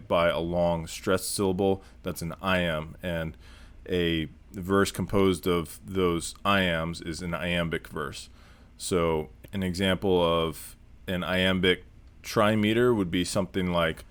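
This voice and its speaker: A man reading a classic history aloud and explaining it in a measured lesson. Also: deep voice. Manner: measured, explanatory, with occasional restarts. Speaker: history lecturer.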